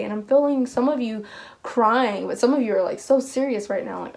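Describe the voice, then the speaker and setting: Tarot reader, female, young adult, lively voice, slightly high-pitched. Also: brisk, creaky. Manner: animated, acts out what the listener and their guides might say. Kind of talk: intuitive tarot reading to viewers.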